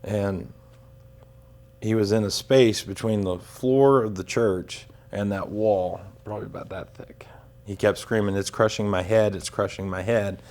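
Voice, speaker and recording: Low, flat-voiced man recounting. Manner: halting, recounting with restarts, low and steady. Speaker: tornado survivor and rescuer. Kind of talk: documentary testimony.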